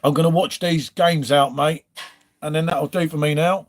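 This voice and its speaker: High-voiced chatty English streamer. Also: male voice, fairly even intonation, normal speed. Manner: chatty, rambling, reads out chat comments. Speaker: live stream host. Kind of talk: casual chat. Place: home.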